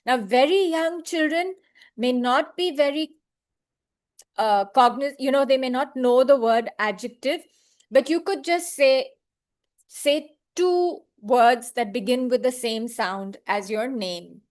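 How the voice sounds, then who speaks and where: A woman's voice: sits high, expressive. A woman training librarians in an online webinar, speaking patiently and sounding out words syllable by syllable. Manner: slow, patient, clapping out syllables.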